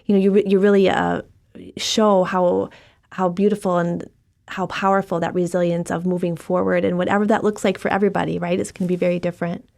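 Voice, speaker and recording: A woman's voice: lowish voice, flat delivery, fairly quick, gravelly, a little mellow. A woman hosting a podcast interview, conversational and affirming, who sets up her questions at length. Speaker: podcast host.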